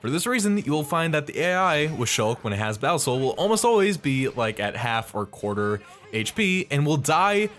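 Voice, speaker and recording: Lively man rambling through gameplay commentary. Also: on the high side, normal speed. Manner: rambling, jokey, many fillers. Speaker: let's play host.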